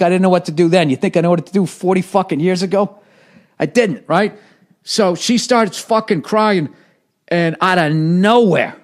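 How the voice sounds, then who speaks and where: This comedian in his forties has a slightly high voice with a darkish tone. In casual conversation he spins rambling, profane stories that poke fun at himself.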